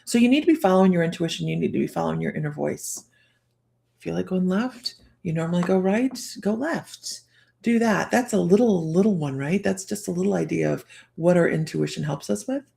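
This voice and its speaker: Gravelly middle-aged woman, rambling host. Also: fairly low pitch, fairly quick, warm tone. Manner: rambling and chatty, full of fillers and restarts. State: hoarse from a cold. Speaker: psychic reader and live-stream host. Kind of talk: casual live-streamed psychic reading.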